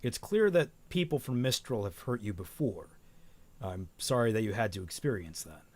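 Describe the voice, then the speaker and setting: A man voicing a huge, gentle young swordsman in a lowered, quiet voice. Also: lively intonation, moderate pace, no room sound.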